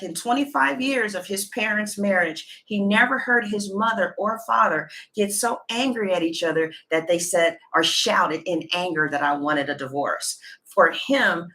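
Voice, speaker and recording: Bright-voiced woman telling a story. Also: fairly low pitch. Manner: animated storytelling, retelling others' words. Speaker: tarot reader. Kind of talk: casual chat to viewers.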